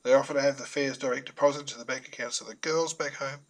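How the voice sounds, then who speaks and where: A man's voice: mid-range voice, fairly even intonation, fast talker, rough recording. A man narrating a self-published story in a chatty, wry manner with humorous asides.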